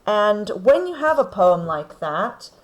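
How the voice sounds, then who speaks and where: A woman teaches a class, unhurried and measured, pausing to check with "okay?" that her students follow. Her voice sits at an ordinary middle pitch. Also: very animated, lo-fi sound. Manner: slow, deliberate explaining with frequent "okay?" checks. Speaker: English teacher. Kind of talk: recorded lesson on poetry.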